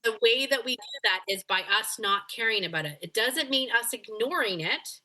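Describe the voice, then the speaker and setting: A woman's voice: a little high, expressive, brisk, pushed and bright. A woman dog behavior coach on a coaching call, talking animatedly and acting out the voices of dogs and owners.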